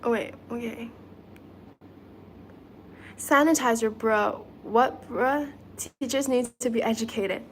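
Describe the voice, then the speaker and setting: A young woman with a fairly high voice, chatting casually on a livestream. She reads viewer comments aloud and answers each one in a relaxed, talkative way. She is from China. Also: takes it slowly, long pauses, slight background noise.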